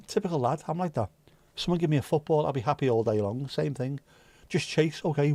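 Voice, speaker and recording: A man with a slightly high, mellow voice talks fast while hosting a casual livestream. He swears and rambles in loose chat as he reads viewer comments, in a dry recording.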